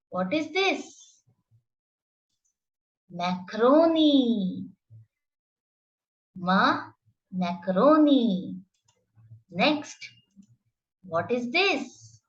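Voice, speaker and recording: A woman with a fairly high, sing-song voice leads a children's phonics lesson at a very slow, drawn-out pace. She enunciates every sound with care and keeps her tone encouraging. The recording is a little dull and lo-fi. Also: very animated. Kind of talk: slow, exaggerated phonics teaching.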